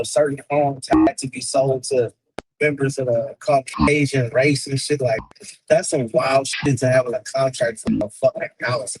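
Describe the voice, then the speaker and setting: A man's voice: mid-range voice, slight background noise, poor audio. A man speaking as a guest on a live panel, talking heatedly about history and swearing often. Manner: heated, swearing, repeats words. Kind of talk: casual profane chat.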